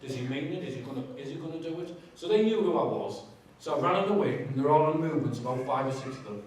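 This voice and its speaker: A man's voice: medium pitch, expressive, quick pace, darkish tone, a little hiss or hum. A man giving a candid, conversational personal testimony with humour in a large church hall. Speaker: guest speaker giving testimony. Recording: very echoey hall, distant mic.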